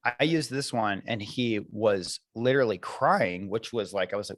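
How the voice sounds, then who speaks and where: A man's voice: fairly low pitch, normal speed, dry recording. A man who coaches parents, talking earnestly and reflectively in a podcast conversation, with many fillers.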